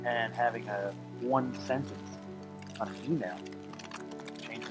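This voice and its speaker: Very deep-voiced woman host. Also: steady tone, takes it slowly. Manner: asks short probing follow-up questions. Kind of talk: casual conversation. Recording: music clearly playing behind the voice.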